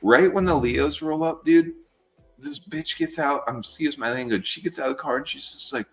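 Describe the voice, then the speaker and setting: This high-leaning male voice moves at a moderate pace over soft background music. He's an American in his thirties who works fire patrol and is guesting on a podcast, casually and animatedly telling stories, swearing freely and saying "dude" a lot.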